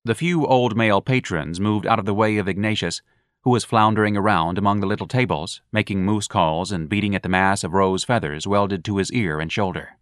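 This audiobook narrator has a lowish, smooth voice and reads briskly. He tells the novel's story expressively, the scripted narration captured in a dry, studio-quality recording.

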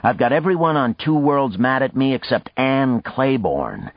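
A man's voice: mid-range voice, very animated, moderate pace, no room sound, pitched above the performer's own voice. A man reading a blunt, lecturing male politician in a dry, dull lo-fi audiobook recording. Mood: bitter. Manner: forceful, lecturing.

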